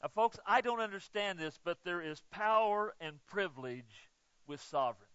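A male pastor preaching a sermon, swinging between loud emphatic exclamations and hushed asides, and joking with the congregation. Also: high voice, expressive, moderate pace, clear, resonant tone, dry recording, dull audio. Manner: jokes with the congregation.

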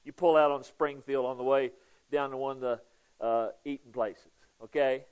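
A man preaching a sermon in a conversational way, often checking in with the congregation and swinging between loud emphasis and hushed, prayerful asides. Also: medium pitch, fairly even intonation, moderate pace, clean tone, highs cut off. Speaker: pastor.

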